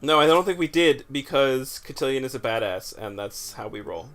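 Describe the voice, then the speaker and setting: Lively, playful man playing a game. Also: medium pitch, moderate pace. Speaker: player at the controls. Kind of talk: casual gaming chat.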